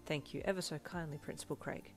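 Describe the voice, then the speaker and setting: Woman reader playing a proper, polite schoolboy; low voice, faint music under it. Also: steady tone, fast, natural voice. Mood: formal. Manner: stiff, proper and earnest. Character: formal, polite young male student. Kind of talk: reading a fan fiction aloud. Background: faint backing music.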